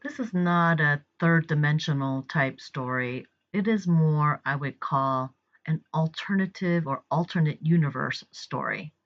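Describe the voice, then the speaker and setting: A woman's voice: low voice, measured pace. A woman telling a personal story in a chatty way, with fillers and acted-out dialogue. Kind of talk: personal story told to camera. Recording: dull lo-fi recording.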